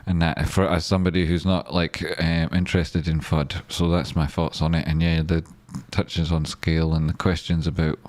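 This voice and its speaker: A man's voice: rumbling low, flat delivery, moderate pace, few pauses, darkish tone, dry recording. A man chatting casually and bluntly on a live stock trading stream, rambling and swearing freely.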